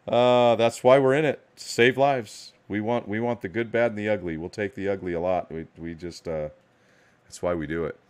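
A man's voice: on the low side, steady tone, moderate pace, darkish tone. A man hosting a live card box break, hyping each card as he pulls it and giving players playful nicknames. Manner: hype, calls out cards with playful nicknames.

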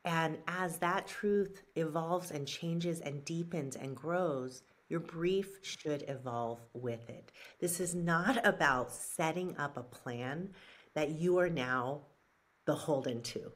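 A woman guest, a brand strategist and author, giving measured and earnest answers in an interview, pausing with fillers and restarts. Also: deep voice.

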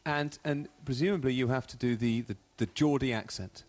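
A man's voice: mid-range voice, normal speed, darkish tone. A man presenting a live radio show on location at a ballet company, chatty and joking as he interviews guests and reads out listener texts.

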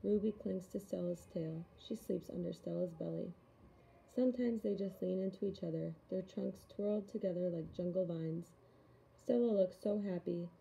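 A woman reading a children's novel aloud in a calm, even narration. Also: on the low side, normal speed, creaky, rough recording. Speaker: reader. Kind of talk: storybook read-aloud.

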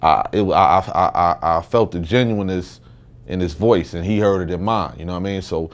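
A man with a low voice tells his side of a story in casual, punchy street talk. He drives his points hard and keeps the telling loose and conversational. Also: a little fast.

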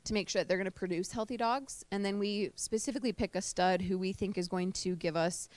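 A woman's voice: mid-range voice, a little fast, darkish tone, no echo. A woman who trains service dogs gives an informal talk to a small group, chatty and emotional, with many fillers. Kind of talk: informal presentation to a live group. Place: indoor talk to a small audience.

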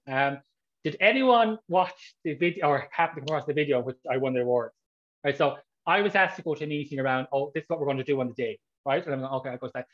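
An Irish man talks fast and a little high, swooping through asides and acting out what he said and thought. He is an author taking audience questions in a casual, chatty way. The recording is dull and lo-fi. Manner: animated storyteller, quick, acts out his own reactions.

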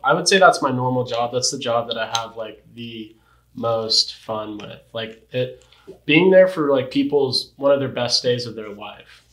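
A man's voice: mid-range voice, unhurried, a bit bright, echoey room, rough recording. A young man chatting casually as an interview guest, laid-back, full of surfer slang and "like". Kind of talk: casual chat.

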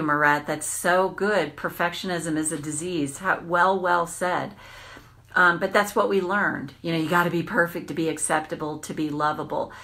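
Earnest woman tapping coach, bright-toned and fairly low, reflective livestream delivery. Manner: earnest and reflective, repeats phrases, slows for emphasis. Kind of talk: livestream self-help talk.

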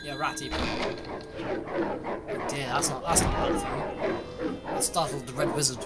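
A man's voice: mid-range voice, steady tone, slow pace. A man bantering crudely while playing a co-op game. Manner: crude, jokey, swearing often. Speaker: gamer. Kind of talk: casual co-op gameplay banter. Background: loud game music.

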